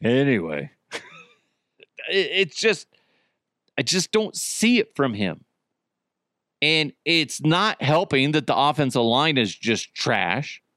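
Male podcast host, casual profane sports rant, lively mocking delivery, slightly high voice, dry close sound. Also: slow pace, dry recording. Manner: animated, profane, mocking impressions.

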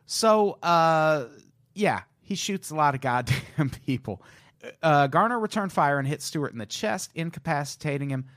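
Lively, joking male podcast co-host. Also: a little high, normal speed, no room sound, studio quality. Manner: profane, joking tangents while reading a case. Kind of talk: casual true-crime storytelling.

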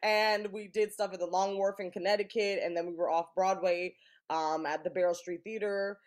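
A woman guest on a podcast telling lively stories about her life, laughing often and acting out what others said. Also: mid-range voice, moderate pace. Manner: animated, laughs often, acts out quotes. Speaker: guest actor. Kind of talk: casual interview storytelling.

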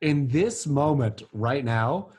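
Husky man with a lively, swinging pitch. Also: takes it slowly. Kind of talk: casual chat.

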